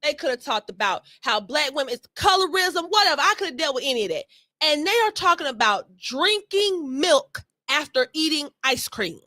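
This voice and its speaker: A woman co-hosting a podcast, talking in a blunt, sarcastic, animated way. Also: high-pitched, normal speed, no echo. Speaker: podcast co-host. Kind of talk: casual commentary chat.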